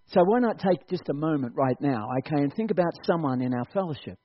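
During a church service, a man preaches quickly to his congregation in a high, lively voice that swoops up and down. He's animated and exhorting, urging them on and laughing often, though the recording sounds dull and lo-fi.

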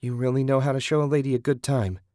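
A man's voice: mid-range voice, little pitch movement, fast talker, mellow, no room sound, clean studio sound, pitched above the performer's own voice, close to an everyday voice. A man voicing a frightened young woman on the run, anxious and pleading.

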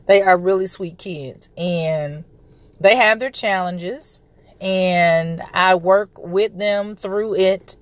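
A woman's voice: fairly low pitch, takes it slowly, no room sound. Woman in her thirties, casual podcast host, slightly congested voice, dry close recording. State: recovering from a respiratory illness, throat clearing. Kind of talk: casual monologue.

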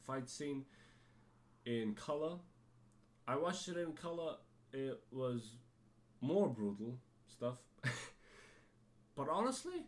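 A man hosting a casual podcast, talking at a mid pitch in a loose, rambling way. He stops and restarts his sentences and often breaks into a laugh. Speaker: podcast host. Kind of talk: casual chat.

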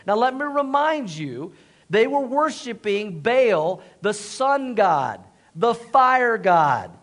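A male pastor preaching a lively sermon in a church, joking and calling for responses from the congregation, then dropping to hushed solemn tones. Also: sits high, takes it slowly. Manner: animated, jokey, call-and-response, drops to hushed solemn tones.

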